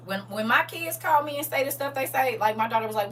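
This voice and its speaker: Animated St. woman livestreaming. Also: a little high, quick pace, few pauses, recorded from a distance, a little hiss or hum, rough recording. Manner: animated storytelling, mimics her own reactions. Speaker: livestream host. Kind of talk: casual livestream chat with viewers.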